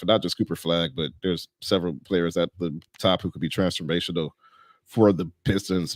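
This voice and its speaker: Deep-voiced analytical podcast man. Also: no echo. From Detroit, USA. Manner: measured, analytical. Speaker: podcast co-host and sports beat writer. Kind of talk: casual sports podcast chat.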